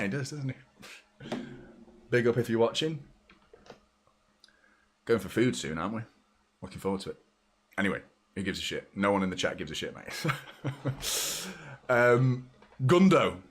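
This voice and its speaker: A man hosting a live football watchalong, reacting excitably and swearing as the action unfolds. He talks to viewers in a loose, chatty way at an ordinary middle pitch. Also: slight background noise. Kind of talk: live match watchalong commentary.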